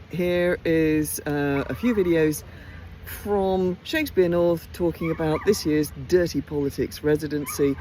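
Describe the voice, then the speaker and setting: A woman's voice: low voice, a little mellow, slight background noise. A tired woman chatting enthusiastically in a casual behind-the-scenes vlog, full of ums and restarts. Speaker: theatre company director. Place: outdoors by a house.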